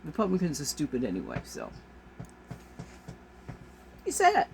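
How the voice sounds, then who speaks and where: A woman's voice: low voice, huge pitch swings, normal speed, gravelly, slight background noise. A woman vlogger delivers an exasperated, emphatic rant to camera, repeating her points for force. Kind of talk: ranting monologue to camera.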